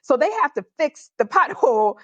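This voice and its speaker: Woman, high voice, animated storyteller, laughs a lot, dry slightly dull recording. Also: normal speed, no room sound. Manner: animated, laughs often while telling. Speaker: podcast guest. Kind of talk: personal storytelling in an interview.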